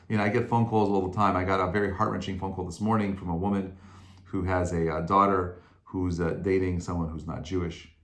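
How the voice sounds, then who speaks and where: A male rabbi giving an informal Torah class, chatty and conversational, rising now and then to emphatic, forceful peaks. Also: lowish voice, roomy sound.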